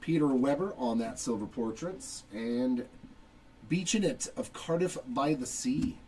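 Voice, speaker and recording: A man's voice: medium pitch, expressive, measured pace, warm tone, far from the mic, low-quality recording. Chatty man reading out cards off-mic. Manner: joking, chatty, reads out cards as he pulls them. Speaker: card break host. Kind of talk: casual live card-break commentary. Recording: voice somewhat off-mic with faint background noise.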